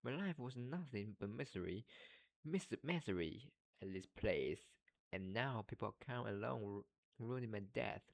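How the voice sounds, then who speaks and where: Man reading a tearful, dramatic ghost schoolgirl; his low voice nudged a little higher. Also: animated, measured pace, creaky. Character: weepy self-pitying ghost schoolgirl.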